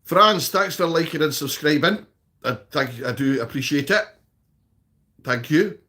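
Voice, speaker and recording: A man's voice: a little high, lively intonation, unhurried, bright, forceful tone. A Scottish man chatting casually on a live stream, reading out viewer comments and answering them. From Scotland.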